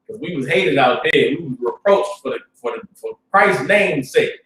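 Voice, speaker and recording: A man teaching a religious class in an informal, streetwise preaching style, often asking "you understand?" and swinging between low, muttered asides and loud bursts. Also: lively intonation, moderate pace, distant mic. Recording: roomy sound, speaker away from the mic.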